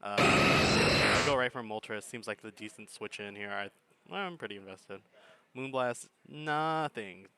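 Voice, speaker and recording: A man's voice: lowish voice, measured pace, pushed and bright. A man giving laid-back, chuckling commentary on a game battle, thinking his plays through aloud. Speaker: gaming commentator.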